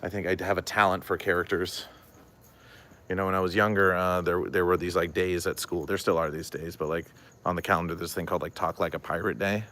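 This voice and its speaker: A young man with a very low voice talks loosely on his stream, full of "like" and "um". He wanders through a story and stops to answer chat messages. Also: little pitch movement, fairly quick, sharp tone. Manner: rambling, many fillers, reads and answers chat. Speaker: comedian streamer. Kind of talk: casual livestream chat.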